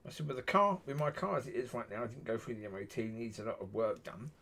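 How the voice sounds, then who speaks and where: Husky-voiced man rambling. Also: mid-range voice, fast, fairly bright tone. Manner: rambling and repetitive, circling back on itself. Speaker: vlogger. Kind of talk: casual monologue to camera.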